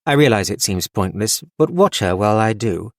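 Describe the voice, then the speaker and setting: A man voicing a severe, no-nonsense elf woman warrior in an audiobook, speaking briskly. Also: lowish voice, lively intonation, no room sound, studio quality.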